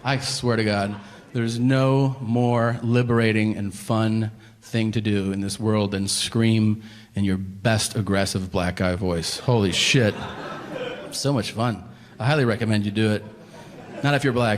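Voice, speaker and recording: A middle-aged man doing a profane stand-up comedy set, telling brash stories and leaping into voiced bits. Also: fairly low pitch. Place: comedy stage before a live audience. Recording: live stage recording, reverberant hall.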